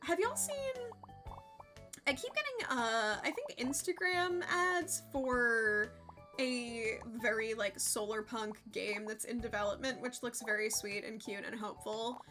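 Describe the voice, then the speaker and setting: A young adult woman streaming a game and chatting casually, expressive and quick to swear. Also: fairly high pitch, faint music behind. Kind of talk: casual livestream chat while gaming.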